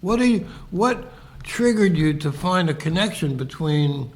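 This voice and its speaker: A man's voice: on the high side, lively intonation, measured pace. A man co-hosting a casual podcast, talking reflectively and acting out little example exchanges. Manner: reflective, explains with examples and acted-out quotes. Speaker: podcast co-host.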